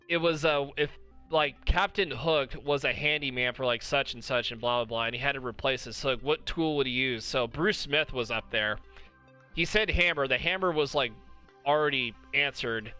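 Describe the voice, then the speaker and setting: A man's voice: mid-range voice, moderate pace, bright, forceful tone, smooth, faint music behind. A man hosting a casual podcast, retelling funny stories and laughing often as he talks. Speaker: podcast host.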